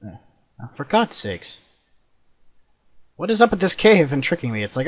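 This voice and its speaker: Young dude rambling through a game, swears a lot, voice bounces up and down. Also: male voice, mid-range voice, wildly swooping pitch, a little slow, pauses often. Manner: chatty, swears, jumpy exclamations. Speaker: let's play host. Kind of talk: casual gameplay commentary.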